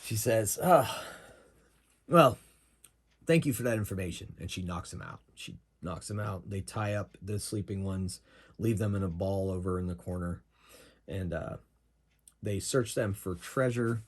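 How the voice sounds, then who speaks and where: A man's voice: low-pitched, a little slow, a little mellow. A man narrating a solo tabletop game as game master, in a casual manner that thinks aloud.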